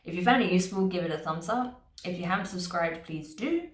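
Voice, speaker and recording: A woman's voice: fairly low pitch, expressive, fairly quick, echoey room. A woman giving a casual monthly tarot reading to her viewers, chatty, often laughing, and adding "right?" to her points. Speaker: tarot reader.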